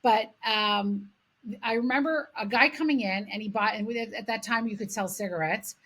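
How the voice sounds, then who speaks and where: Husky-voiced woman telling stories with profanity. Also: a little high, normal speed. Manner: animated, swears freely. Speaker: podcast co-host. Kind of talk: casual storytelling chat.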